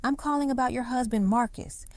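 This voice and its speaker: A woman reading as a calm, steady nurse. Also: fairly high pitch, a little fast, no echo, pitched above the performer's own voice, natural voice. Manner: even, professional phone manner.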